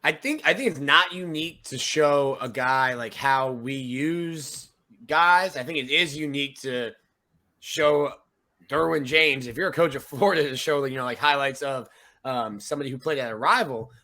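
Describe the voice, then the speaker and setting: A man, a sports reporter co-hosting a podcast, talking through his points in a measured, analytical way. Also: medium pitch, bright, forceful tone. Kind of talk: casual sports podcast chat.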